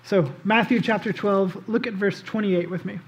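A man preaching a casual, conversational sermon as pastor. He tells the story in an animated way and often says "like" and "um". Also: high-pitched, moderate pace, highs cut off. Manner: animated storytelling, acts out quoted voices; casual, with frequent "like" and "um".

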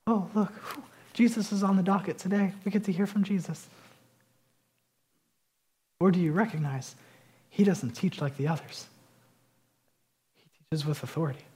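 Husky high-pitched preaching man. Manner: emphatic preaching, rising to loud declarations then dropping to conversational asides. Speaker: pastor. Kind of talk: sermon.

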